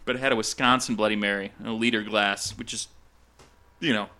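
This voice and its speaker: A man's voice: fairly low pitch, fairly even intonation, fairly quick, bright, forceful tone. A man from Minnesota chatting casually on a podcast, telling rambling, jokey stories. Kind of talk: casual chat.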